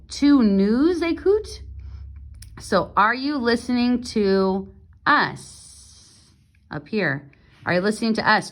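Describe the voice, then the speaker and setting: Recording a relaxed grammar lesson from home, a French teacher speaks patiently and without hurry, using a few small fillers. She has a medium-pitched voice.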